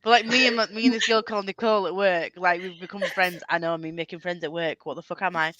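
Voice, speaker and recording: A woman's voice: fairly low pitch, steady tone, quick pace, crowd noise. A woman hosting a casual chat, laughing often and swearing freely. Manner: laughs often, swears, slips into silly voices. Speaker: host.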